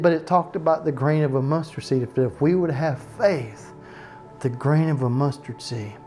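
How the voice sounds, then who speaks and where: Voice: mid-range voice, a little mellow. A pastor giving a conversational sermon at a home Bible study. The pastor often restarts sentences and breaks off into asides about leaving the notes. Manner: conversational preaching, frequent restarts and off-note asides.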